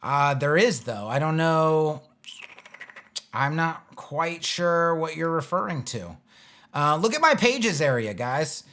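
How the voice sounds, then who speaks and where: A man hosts a live web design Q&A from his chair, rambling through answers with wry exasperation. His voice sits high and carries a gravelly, bright edge. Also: very animated, slow. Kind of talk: casual live-stream Q&A. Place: home studio, seated in a chair.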